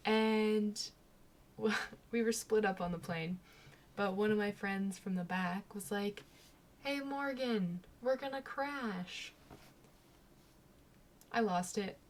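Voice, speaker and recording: A woman's voice: medium pitch, a little hiss or hum. A woman vlogger telling personal stories in a casual, chatty way, laughing at herself often. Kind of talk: casual storytelling.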